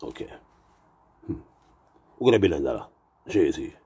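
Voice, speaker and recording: A man's voice: rumbling low, very animated, a little slow, gravelly, dark tone, slightly rough. A man who has been drinking, rambling through a profane, meandering monologue full of wordplay. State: tipsy from drinking.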